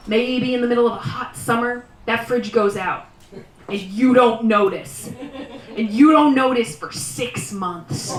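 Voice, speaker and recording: A woman performing a live stand-up routine, telling exaggerated comic stories with loud animal imitations, then introducing the next act as emcee. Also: on the high side. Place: small live venue on stage. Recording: roomy live venue, voice from far off.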